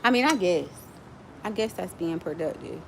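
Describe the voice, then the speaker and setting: A woman of forty from Miami, chatting fast and playfully with viewers as host of her own livestream. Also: on the low side, expressive, gravelly, slight background noise. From Miami, USA. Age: 40s. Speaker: livestream host, nonprofit founder. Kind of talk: casual livestream chat with viewers.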